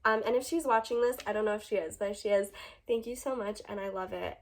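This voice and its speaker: A young woman talks excitedly about the books she got, with plenty of ums and likes. Her voice sits at a middle pitch for a woman, and her talk sounds loose and unscripted. She records at home on a camera mic under a ring light. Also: fast talker. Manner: gushing, chatty, with frequent ums and likes. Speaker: book vlogger and teacher. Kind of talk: casual book haul chat.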